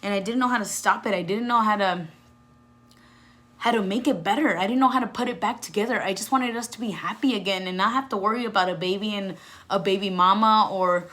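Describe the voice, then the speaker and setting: A young woman telling a personal story to her viewers, candid and emphatic, filling her talk with "like" and "you know" and swinging from loud outbursts down to soft near-whispers. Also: medium pitch, brisk. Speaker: vlogger.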